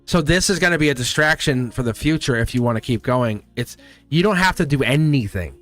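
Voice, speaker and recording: A man in a relaxed tarot reading talks to the camera in a chatty, reassuring way. His voice sits in an ordinary middle pitch, and he keeps checking in with the viewer. Soft music plays faintly behind him. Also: brisk. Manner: chatty and reassuring, often asks "see?" and chuckles. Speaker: tarot reader.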